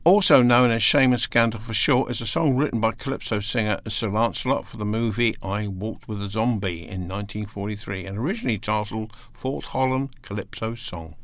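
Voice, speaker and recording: A man's voice: lowish voice, brisk, hardly any pauses, a bit bright, dry recording. A man presenting a casual music show, hesitant and rambling, losing his place in his notes and reading facts out between asides. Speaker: radio presenter.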